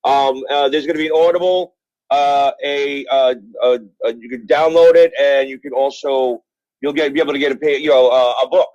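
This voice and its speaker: Speaking at a moderate pace, this middle-aged man from Brooklyn has a mid-range, slightly mellow voice with fairly even intonation. As a guest author in a casual interview, he rambles through profane stories with plenty of fillers, recorded dry over dull phone audio.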